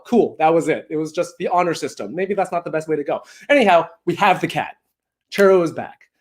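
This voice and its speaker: A young Canadian man doing a self-mocking, animated stand-up set from his home during lockdown. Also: sits high. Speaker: stand-up comedian.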